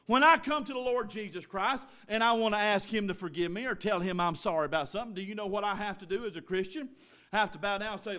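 A middle-aged man preaching a sermon, building to shouted emphasis. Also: high-pitched, quick pace. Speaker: pastor.

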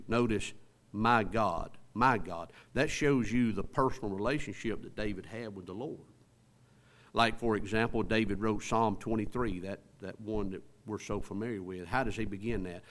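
A man preaching a sermon, reading scripture slowly and often asking the congregation questions. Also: fairly low pitch. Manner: reads scripture slowly, rises to emphatic exhortation.

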